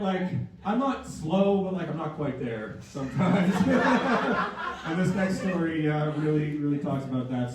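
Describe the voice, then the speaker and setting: A man in his thirties from Canada doing a self-deprecating stand-up set, rambling with fillers and slipping into put-on voices. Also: fairly high pitch. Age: 30s. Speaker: stand-up comedian. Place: comedy club stage with a live audience. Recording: echoey club from a distant mic, crowd laughter.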